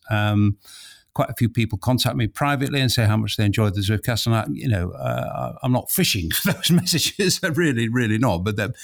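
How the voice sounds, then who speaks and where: A middle-aged man hosting a podcast, chatting in a measured way with some hesitant fillers. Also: medium pitch, vocal fry, no room sound, studio quality. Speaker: podcast host. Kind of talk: casual podcast chat.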